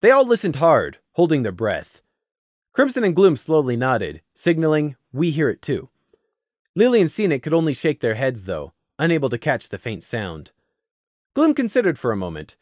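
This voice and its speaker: A man narrating a story in a lively, expressive reading voice. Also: medium pitch, no echo, studio quality. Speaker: audiobook narrator.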